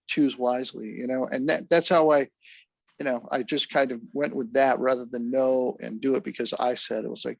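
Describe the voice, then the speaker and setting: A man, a drummer guest, telling stories in a relaxed, even-keeled way during a casual interview. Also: mid-range voice, a little fast, gravelly, no room sound. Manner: laid-back, even-keeled storyteller.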